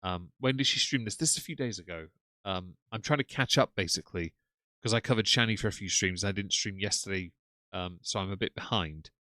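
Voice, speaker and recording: A man's voice: deep voice, brisk, pushed and bright, no echo. A man giving sardonic, mocking live-stream commentary to his chat from a home desk microphone. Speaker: streamer reacting to clips. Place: home room.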